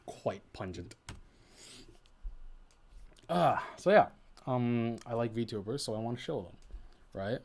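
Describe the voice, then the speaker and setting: A man chatting casually on his own stream, rambling and thinking out loud, often restarting his sentences. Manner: rambling, self-correcting, thinking aloud with many restarts; swings between low mumbles and bursts of high animated emphasis. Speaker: VTuber streamer. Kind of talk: casual solo stream chat.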